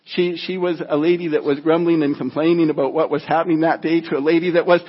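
A man preaching a sermon through a story in an earnest, halting way with many restarts, then reading scripture, recorded dull and echoey in a church hall. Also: on the high side, level tone, slightly rough.

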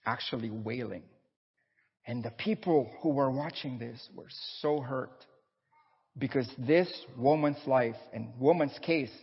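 A male preacher telling an illustration story during a sermon in an animated way. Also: medium pitch, husky, long reverb tail, lo-fi sound. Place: church.

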